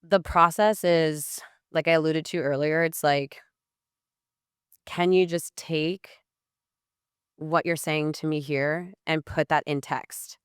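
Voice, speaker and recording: A woman's voice: deep voice, takes it slowly, clear, resonant tone, no echo, clean studio sound. A woman talking as a guest on a podcast interview. She is blunt, swears freely and says "like" a lot. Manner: acts out messages in lively quoted voices. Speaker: podcast guest, sales coach. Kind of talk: casual podcast interview talk.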